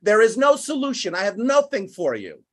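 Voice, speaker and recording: Angry host venting on a call, swearing, volatile pitch. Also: male voice, huge pitch swings, moderate pace. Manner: heated, bitter, swearing, with big swings in pitch. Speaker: host of an online English class group. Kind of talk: angry rant to an online group.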